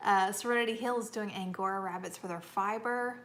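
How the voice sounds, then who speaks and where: Speaking a little fast at a medium pitch with a bit of brightness, a middle-aged woman hosts a relaxed livestream. She's from Northeast Georgia, has a Georgia accent, and chats and laughs often while going through viewer comments.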